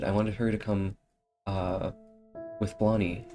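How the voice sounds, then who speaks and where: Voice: sits low, level tone, slow, long pauses, dark tone, faint music behind. A young adult streamer chatting casually and filling speech with lots of filler words, still coughing after a cold.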